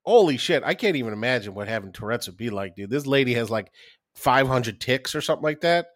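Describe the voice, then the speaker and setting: A man co-hosting a podcast in casual chat, excitable and swearing constantly. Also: mid-range voice, fast, dry recording, clean studio sound. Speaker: podcast co-host.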